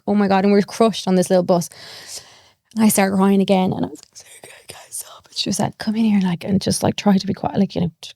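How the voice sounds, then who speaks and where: A woman's voice: mid-range voice, creaky, dark tone, no echo, clean studio sound. A young Irish woman, a comedian, telling a personal story candidly and animatedly, acting out the voices of people she quotes and laughing often. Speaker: comedian, guest.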